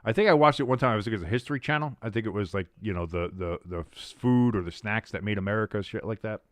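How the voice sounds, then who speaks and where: Low-ish guy hosting a game watch-along, rambly, lots of uh and like, swears casually, dry sound. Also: quick pace, no echo. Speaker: host of a sports watch-along stream. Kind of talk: casual chat with play-by-play calls.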